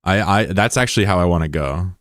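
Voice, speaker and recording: Low-pitched American guy streaming, cracking crude jokes while answering chat, dry close mic. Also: fast talker, a bit bright, no echo. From United States. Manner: joking, profane, rambling asides. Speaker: live streamer. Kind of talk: casual chat, reading out viewer comments.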